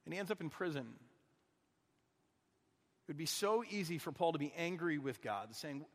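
High-voiced man preaching in a hall. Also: lively intonation, normal speed, long pauses. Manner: earnest, conversational, asks the crowd questions. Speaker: guest preacher. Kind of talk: sermon.

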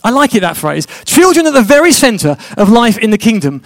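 A man's voice: sits high, sing-song, a little fast. A man preaching a sermon, chatty and joking with his congregation.

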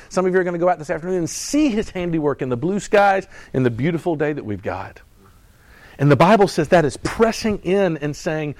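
A man's voice: on the high side, lively intonation, brisk, no echo. A man preaching a sermon in a conversational style, acting out quoted voices and laughing as he goes. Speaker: pastor.

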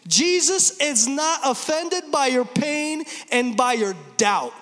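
A man in his thirties preaching an Easter sermon to a congregation, with emphatic delivery and quick joking asides. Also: extremely high pitch, expressive, a bit bright. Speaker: pastor. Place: large church hall. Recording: long reverb of a large church hall.

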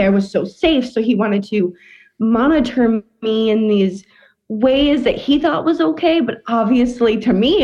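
A woman's voice: a little high, a little mellow, muffled recording. A young woman in her twenties, a caller and new mother, talking casually with lots of "like" fillers. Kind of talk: casual talk.

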